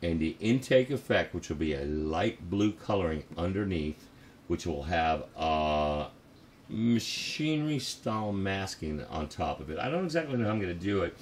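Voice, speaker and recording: Male model builder, deep and measured, talking through his work over faint background noise. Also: big pitch swings. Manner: thinks aloud, measured. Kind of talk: explaining a build in progress.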